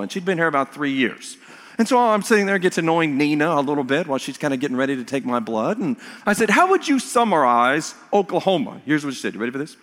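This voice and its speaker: A man's voice: fairly high pitch, fairly bright tone. Emphatic preaching man in a reverberant hall. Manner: emphatic, slows down on key phrases, storytelling asides. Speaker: pastor. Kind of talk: sermon. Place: church sanctuary. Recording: long reverb of a large hall.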